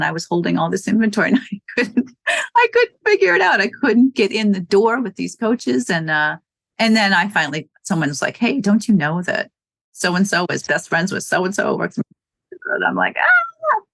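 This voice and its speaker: A running shoe store owner from Wisconsin, in the United States, appears as a guest in a casual interview. She tells stories, acts out quotes, and laughs often. Her voice is fairly low and creaky, with no echo.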